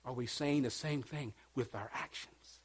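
A man preaching a sermon in church, dropping to a hush and rising to loud calls, coaxing responses from the congregation. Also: mid-range voice, a little slow, breathy edge. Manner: swings from hushed to shouting, call-and-response preaching. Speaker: pastor.

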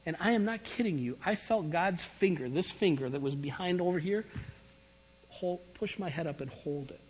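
A middle-aged man preaching a sermon, telling his story in an animated, emphatic way. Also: fairly high pitch, normal speed, a little hiss or hum. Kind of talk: sermon testimony. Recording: long reverb of a large hall.

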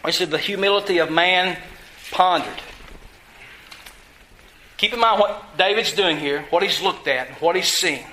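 A man preaching a sermon, teaching from scripture with emphasis and putting questions to his listeners, drawing some words out slowly for stress. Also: sits high, bright, forceful tone, a little hiss or hum, low-quality recording. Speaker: pastor.

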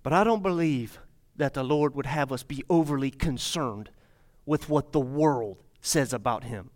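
A man's voice: mid-range voice, unhurried, darkish tone. A man preaching a sermon as pastor, speaking to his congregation with repeated phrases and rhetorical questions. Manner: repetitive, rhetorical questions, addresses congregation directly.

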